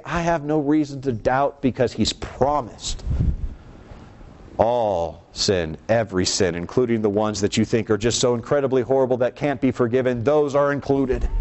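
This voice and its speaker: A man preaching a sermon, emphatic, shifting between quiet low passages and raised lines and asking the congregation rhetorical questions. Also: slight background noise.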